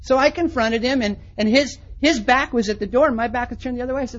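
A man who is a pastor, telling a story in a sermon to a conference with animated delivery, swinging between quiet and loud. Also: extremely high pitch, quick pace, hardly any pauses, highs cut off. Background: audience laughter.

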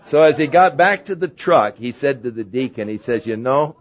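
A man's voice: mid-range voice, lively intonation, moderate pace, a faint crowd. A man preaching a sermon as a pastor, telling humorous stories. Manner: anecdotal, humorous storyteller. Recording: dull lo-fi sermon recording.

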